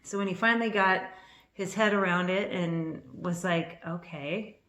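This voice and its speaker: Excitable rambling woman in her fifties. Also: mid-range voice, normal speed. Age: 50s. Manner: excitable and rambling, with restarts and laughter; a little nervous on camera. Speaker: vlogger. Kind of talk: casual storytelling to camera. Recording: echoey room.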